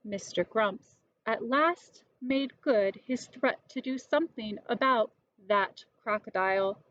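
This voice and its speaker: Woman, storybook narrator, lively and expressive, slightly high. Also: takes it slowly, dry recording, muffled recording. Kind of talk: storybook read-aloud.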